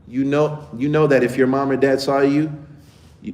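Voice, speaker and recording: Male teacher, mid-pitched, chatty classroom delivery, constantly checking in with the class; roomy echo. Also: steady tone, unhurried, pauses often, darkish tone. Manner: conversational, checks in with the class often. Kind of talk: casual lesson to children. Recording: echoey room with faint ambience.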